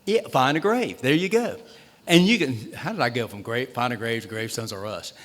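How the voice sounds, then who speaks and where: A state treasurer with a Southern drawl gives a funny, self-effacing storytelling speech at a town hall, his medium-pitched voice animated, slightly fast, and a bit bright. The hall lends a long reverb.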